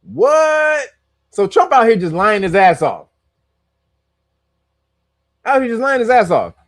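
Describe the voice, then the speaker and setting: A man with a rather high voice talks over a clip he is watching. He reacts in casual, cursing bursts of disbelief and breaks into laughter often. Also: sing-song, takes it slowly. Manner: profane, incredulous, laughs often. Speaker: reaction streamer.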